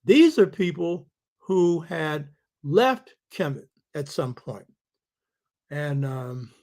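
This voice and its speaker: A man's voice: a little high, big pitch swings, slow pace, a little mellow. A man hosting a show, giving an emphatic lecturing monologue and throwing rhetorical questions at his listeners. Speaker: host.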